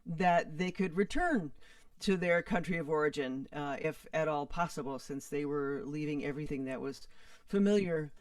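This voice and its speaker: A woman musician being interviewed, speaking quietly and thoughtfully with pauses. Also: sits low, no echo, far from the mic. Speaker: musician guest. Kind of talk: conversational interview.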